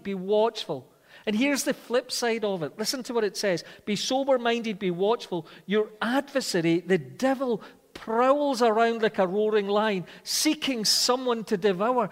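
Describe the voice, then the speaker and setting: A man with a high, light voice delivers a sermon in a church, his words carrying a long reverb tail. He reads scripture aloud and hammers home repeated lines, then slows and drops to a soft, quiet delivery when he wants a point to sink in. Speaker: preacher.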